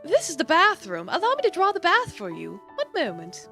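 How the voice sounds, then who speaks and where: A woman's voice: very high voice, huge pitch swings, normal speed, bright, forceful tone, faint music behind, pitched above the performer's own voice, heavily acted. A woman voicing a rich, fancy young lady of a mansion with a put-on posh British accent. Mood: gracious. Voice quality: posh, formal.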